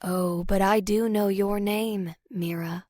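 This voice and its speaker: A woman doing a smooth, flirty mystery man. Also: medium pitch, measured pace, no echo, close to an everyday voice. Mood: flirtatious.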